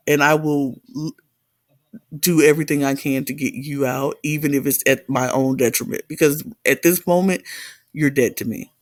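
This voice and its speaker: A woman's voice: low voice, normal speed, no echo. A woman co-hosting a podcast, recapping a reality show in casual chat with an emphatic, heated manner. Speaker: podcast co-host.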